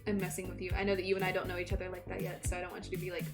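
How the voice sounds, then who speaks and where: A woman's voice: lowish voice, monotone, very fast, loud music behind the voice. A woman streamer chatting casually with her viewers, teasing them and laughing often.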